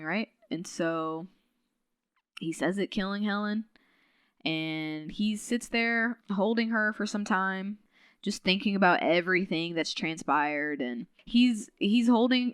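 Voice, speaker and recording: A woman podcast host casually recapping a novel's plot in a chatty, animated way, full of "like" and acted-out quotes. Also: smooth, dry recording. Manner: chatty, filler-heavy retelling with lots of "like"; animated, quotes characters with shifting pitch.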